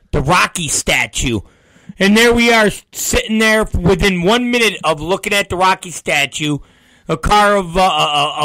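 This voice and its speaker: A man's voice: high voice, dry recording. A man hosting a podcast, telling stories in casual, profane chat. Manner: animated, profane storytelling. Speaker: podcast host.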